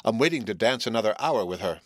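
A man's voice: fairly low pitch, lively intonation, fast talker, no echo, clean studio sound. A male reader voicing a wild, resentful young man who clowns around, raising his voice, in a storybook reading.

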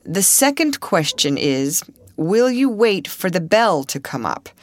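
A woman reading a story voices a male ship captain who speaks in a measured, plain way. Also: fairly low pitch, very animated, pitched above the performer's own voice. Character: steady middle-aged male ship captain.

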